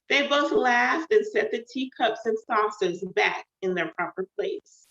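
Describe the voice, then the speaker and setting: A woman author reading her own novel aloud in an unhurried, deliberate way. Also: medium pitch, fairly bright tone. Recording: echoey, dull home recording.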